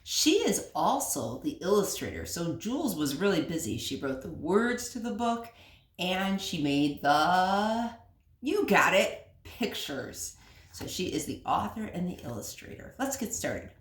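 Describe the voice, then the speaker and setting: Woman teacher reading a kids book, slow and gentle, lots of questions, echoey room. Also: fairly low pitch, very animated. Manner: gentle, questioning, explains words simply. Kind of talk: reading a picture book aloud to children.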